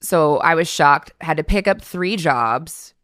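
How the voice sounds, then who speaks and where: A woman's voice: deep voice, animated, unhurried, a bit bright, no room sound, clean studio sound. A woman from Canada, a podcast guest, telling stories in casual chat and laughing often. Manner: storytelling, laughing often, acting out quotes.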